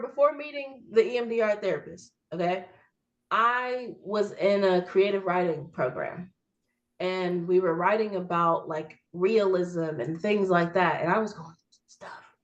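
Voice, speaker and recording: A woman's voice: lowish voice, highs cut off. A young adult woman, an author guest, telling her story in a casual, slangy interview chat and acting out past conversations. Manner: animated storyteller who reenacts conversations in a raised voice; informal slangy phrasing.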